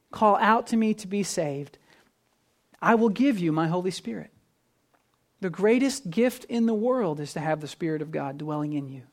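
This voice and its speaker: A man preaching with earnest conviction. His voice climbs to emphatic, louder peaks, then falls back to a low, quiet delivery. It has the steady rhythm of a sermon. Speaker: pastor.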